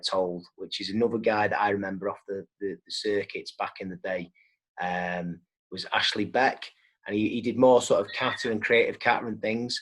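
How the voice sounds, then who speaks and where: A man's voice: on the low side, breathy edge. Hesitant male podcast host. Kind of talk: casual interview chat.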